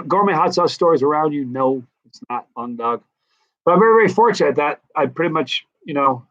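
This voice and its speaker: The recording is muffled, and the man's voice runs on the high side. He hosts a casual live-stream Q&A for a hot pepper channel, chatting loosely in a relaxed, rambling way and reading out viewer comments, with an accent from the East Coast of the United States.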